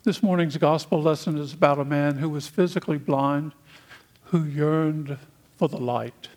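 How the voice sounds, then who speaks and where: A man from the United States preaching a sermon, speaking in slow, deliberate phrases with long pauses. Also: fairly high pitch, darkish tone.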